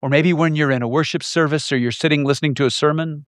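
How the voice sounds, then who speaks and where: A man preaching a sermon with emphatic repetition, swinging between loud stresses and hushed lines. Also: a little high, steady tone, fast, no room sound, studio quality.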